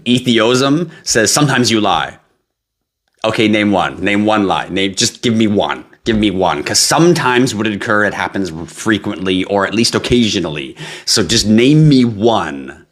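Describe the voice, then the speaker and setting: A man's voice: lowish voice, animated, normal speed. A man hosting a crypto livestream, talking bluntly in a casual rant, swearing freely and squealing when he mocks panicky scam victims. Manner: blunt, profane, ranting.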